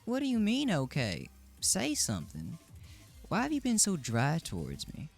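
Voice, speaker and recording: Brief: anxious young Southern belle woman, put on by a male streamer, high and pleading. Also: huge pitch swings, normal speed, vocal fry, soft background music, full character voice.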